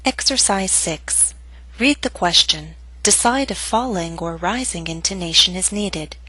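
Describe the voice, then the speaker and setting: Woman teacher, bright husky voice. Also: on the low side, dry recording, rough recording. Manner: slow, clearly enunciated model readings. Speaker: English pronunciation teacher. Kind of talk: scripted instructional narration.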